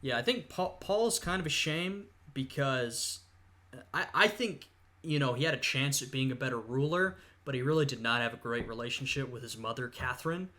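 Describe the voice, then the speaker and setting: A man's voice: mid-range voice, normal speed, sharp tone. A young man, a history student, reacts to a video with casual, thoughtful commentary full of "uh" and "you know".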